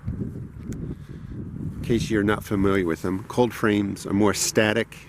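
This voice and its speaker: Chatty New Jersey gardener, lowish voice. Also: male voice, fairly even intonation, slow, background noise. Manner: chatty, rambling, laughs at himself. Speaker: gardening channel host. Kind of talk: casual walk-and-talk gardening vlog. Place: indoor grow room then outdoors in cold garden.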